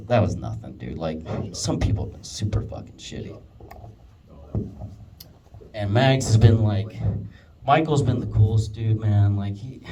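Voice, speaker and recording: A man's voice: fairly low pitch, warm tone, recorded from a distance, slight background noise, rough recording. A man giving a rambling roast toast to a friend, full of swearing, "like" and "dude". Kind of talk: casual storytelling toast.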